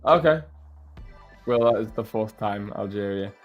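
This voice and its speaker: A man's voice: fairly low pitch, unhurried, lo-fi sound, soft background music. A man hosting a live stream, joking around, laughing often and calling people bro and mate. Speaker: stream host. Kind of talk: casual banter on a live stream.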